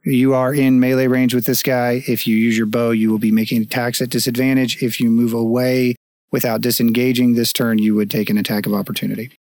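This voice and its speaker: A man running a tabletop game as game master, giving brisk, matter-of-fact rulings. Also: mid-range voice, little pitch movement, darkish tone, dry recording.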